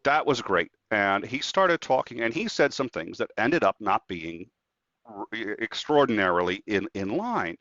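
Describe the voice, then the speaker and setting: A man speaking as a guest in a casual conversation, telling stories in an animated way and acting out what people said. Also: lowish voice, normal speed, no echo. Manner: animated storyteller acting out quotes. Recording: dull, dry lo-fi sound.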